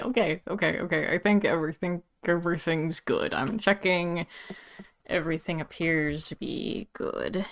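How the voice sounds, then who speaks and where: Woman, game streamer, casual chat, giggly, nervous, fairly low pitch. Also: lively intonation, normal speed. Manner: giggly and jittery, laughs between lines.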